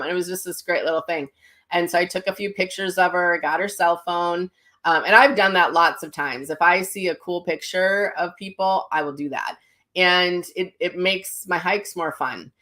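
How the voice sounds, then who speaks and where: A middle-aged woman chats to her viewers in a relaxed storytelling voice, pitched a little low. She acts out what people said with lively jumps in her voice. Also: moderate pace. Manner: animated storyteller acting out quotes. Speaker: psychic medium vlogger.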